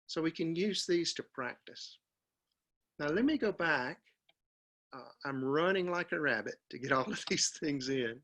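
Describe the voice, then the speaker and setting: A man giving a seminar to teachers, drilling example sentences in a slow, repetitive way. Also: fairly high pitch, expressive, fairly bright tone. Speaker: teacher trainer. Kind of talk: seminar lecture.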